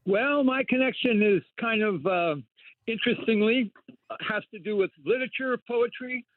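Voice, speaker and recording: A male caller with a high voice, talking in an enthusiastic, rambling way. It comes through a dry, narrow phone line. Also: moderate pace, no room sound.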